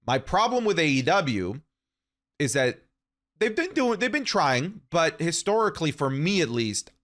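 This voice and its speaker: A man's voice: a little high, sing-song, unhurried, a bit bright. A man co-hosting a casual podcast, giving rambling, opinionated takes with frequent restarts. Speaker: podcast co-host. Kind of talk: casual wrestling podcast chat.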